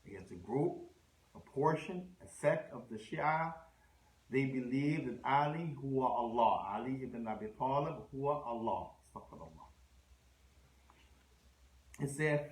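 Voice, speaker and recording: A man's voice: medium pitch, unhurried, roomy sound, low-quality recording. A man giving a conversational religious lecture, mixing in Arabic phrases and restarting his sentences. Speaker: Islamic lecturer.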